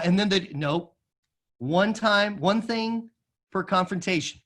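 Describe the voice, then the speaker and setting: A man giving a sermon-style talk to a live audience, emphatic, at times dropping to a soft low voice and leading the audience in repeating phrases. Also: takes it slowly. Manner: emphatic, varies loudness widely, drops to a soft low voice for quoted lines. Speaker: speaker at a school of music forum.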